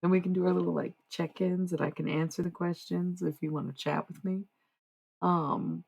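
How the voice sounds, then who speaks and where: Gravelly, husky-voiced woman streamer. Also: lowish voice, moderate pace, a little mellow, low-quality recording. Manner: meandering, talks to chat, trails off. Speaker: livestreamer. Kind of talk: rambling livestream chat.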